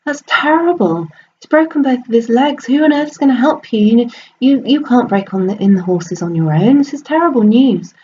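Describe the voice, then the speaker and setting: A woman voicing a fussy, excitable male neighbour in a told story, gushing and repeating himself breathlessly. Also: very high-pitched, normal speed, muffled recording, a little hiss or hum, voice pushed up. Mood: dismayed.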